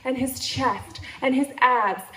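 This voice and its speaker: A woman telling a bawdy comic story on stage at a live storytelling night, animated and laughing through her lines. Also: high voice, takes it slowly. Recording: roomy venue with audience laughter.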